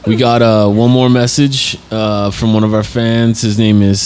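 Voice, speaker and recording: A man hosting a casual podcast, relaxed, with hesitant fillers as he introduces fan messages. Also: on the low side, unhurried, smooth. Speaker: podcast host.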